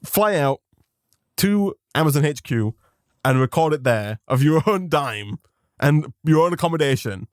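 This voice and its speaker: A man with a slightly high voice, chatting casually while gaming. He is giggly and teases his co-host playfully. The recording is dry and close. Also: animated, a little slow, dry recording.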